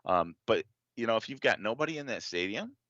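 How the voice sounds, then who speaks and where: A male guest explains things earnestly in a very low voice with a bright edge. The sound is dry and somewhat dull, like lo-fi stream audio. He fills his talk with ums and you-knows. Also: expressive, a little fast, dry recording. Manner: earnest, explanatory, many fillers. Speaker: guest drone legal advocate. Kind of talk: casual interview talk.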